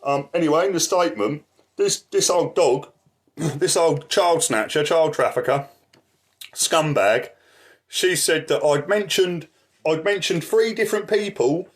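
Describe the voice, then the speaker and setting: A little high and a little slow, a man's voice carries an angry vlog rant full of constant swearing and repeated "right?" questions. He's an activist vlogger who shuffles papers as he talks, his voice moving away from the mic.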